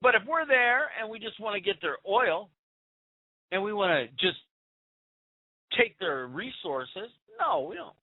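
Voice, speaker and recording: A man's voice: high voice, sing-song, measured pace, long pauses, no room sound. A man hosting a talk radio show, delivering a fired-up, preachy political monologue with rhetorical questions. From United States. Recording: tinny phone-like audio.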